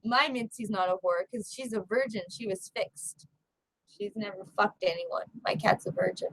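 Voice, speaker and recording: A woman's voice: mid-range voice, normal speed, fairly bright tone, dry recording, poor audio. A woman streamer chatting on a voice call, swearing freely and cooing baby talk at her cat. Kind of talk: casual chat on voice call.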